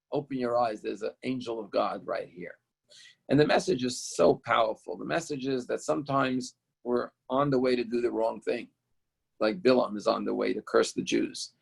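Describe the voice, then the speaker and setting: A man's voice: mid-range voice, gravelly, breathy edge, rough recording. A male rabbi teaching a Torah lesson, retelling a story in an explanatory, storytelling way.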